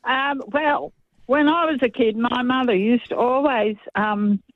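A woman's voice: on the high side, a little slow, no echo. Older woman chatting over the phone. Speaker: caller. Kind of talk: phone call to a radio show. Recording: phone line.

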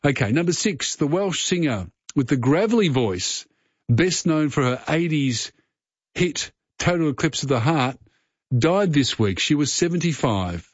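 A man's voice: a little high, animated, unhurried, husky, dry recording. A man with an Australian accent hosting a phone-in quiz on talkback radio, friendly and rambling with fillers and restarts. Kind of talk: casual talkback radio chat. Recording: slightly muffled radio broadcast.

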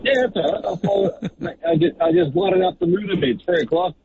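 An Australian truck driver in his forties calls in, hesitating and stumbling over his words. His voice is raspy and gravelly, a touch high for a man, and it comes through a dry, tinny phone line. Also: lively intonation, darkish tone. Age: 40s. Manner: halting, full of fillers, gravelly. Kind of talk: phone-in chat.

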